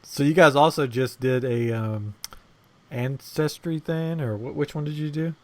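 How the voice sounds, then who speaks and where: A man's voice: a little high, a little slow, no echo. A man hosting a podcast in casual chat. He is upbeat and teasing, and he often laughs. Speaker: podcast host.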